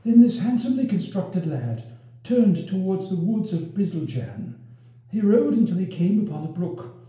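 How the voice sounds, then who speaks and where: A man narrating a medieval romance in an expressive storybook reading, with a roomy echo. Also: high-pitched, moderate pace.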